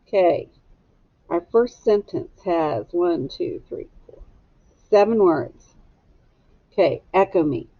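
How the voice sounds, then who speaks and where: A woman's voice: on the low side, expressive, dry recording, lo-fi sound. A woman teacher dictating a spelling test to young students, sounding out each word syllable by syllable. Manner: slow, deliberate, sounds words out syllable by syllable.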